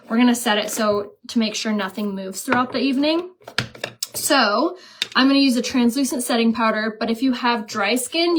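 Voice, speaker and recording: Chatty woman makeup vlogger. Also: a little high. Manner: chatty, lots of "like" fillers and quoted dialogue. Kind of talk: casual storytelling while doing makeup.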